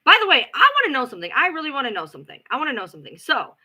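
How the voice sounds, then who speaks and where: A woman's voice: high voice, big pitch swings, rapid-fire, pushed and bright, low-quality recording. A woman hosting a livestream, telling a story in a blunt, sarcastic and profane way. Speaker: livestream host. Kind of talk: ranting livestream chat.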